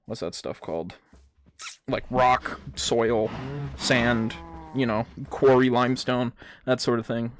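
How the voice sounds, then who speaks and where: A man's voice: medium pitch, fairly even intonation, slow, faint music behind. A young man rambling casually and swearing a lot while he plays a game and tells stories, with plenty of fillers. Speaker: gaming vlogger.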